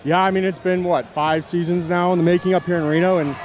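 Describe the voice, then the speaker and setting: A quick-talking, mellow young goaltender. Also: male voice, sits high, fairly even intonation, a little hiss or hum. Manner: humble, grateful, quick-talking. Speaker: hockey goaltender. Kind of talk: post-game interview.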